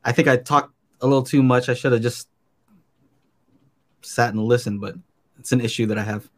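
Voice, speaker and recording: A man's voice: medium pitch, steady tone, moderate pace. Easygoing, rambling male podcast co-host. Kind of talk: casual chat on a live stream.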